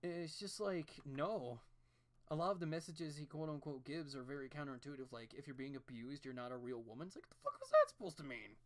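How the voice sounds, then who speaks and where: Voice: medium pitch, very animated, fairly quick. Rambling, profane art streamer. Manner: rambling, profane, ranting with restarts. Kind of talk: casual rambling commentary while drawing.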